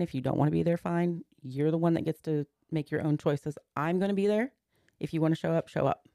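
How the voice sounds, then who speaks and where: A woman in her forties, appearing as a podcast guest, tells a personal story step by step, earnestly recounting events and voicing what others said. Her low voice is warm and dark with a gravelly edge. The recording is close and dry, with no room sound.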